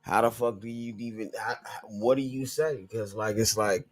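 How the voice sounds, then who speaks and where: A man's voice: lowish voice, fairly even intonation, normal speed, no echo. Slangy man reacting on a live stream. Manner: slangy, incredulous, rambling. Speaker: host.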